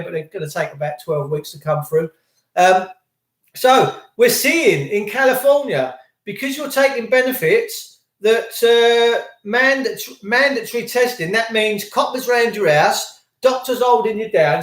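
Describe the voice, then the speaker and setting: A high-pitched man running a livestream, slipping into mocking sarcasm as he rants at his viewers. His voice bounces around an echoey room. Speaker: livestream host. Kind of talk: ranting livestream commentary reading chat.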